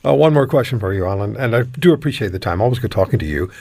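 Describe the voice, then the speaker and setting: Gravelly-voiced male radio host. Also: mid-range voice, lively intonation, very fast, a little mellow, no room sound. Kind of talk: radio interview.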